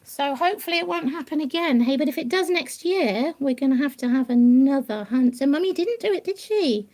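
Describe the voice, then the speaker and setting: A woman's voice: sits high, expressive, brisk, a little mellow. A woman talking to her pet rabbit in a playful, coaxing, sing-song way. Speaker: pet rabbit owner hosting a live stream. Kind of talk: doting talk to a pet rabbit.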